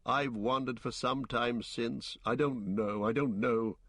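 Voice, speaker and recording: A man voicing a proud male warrior who speaks slowly, in a halting and brooding way. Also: medium pitch, fairly even intonation, a bit bright, no room sound. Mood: distraught.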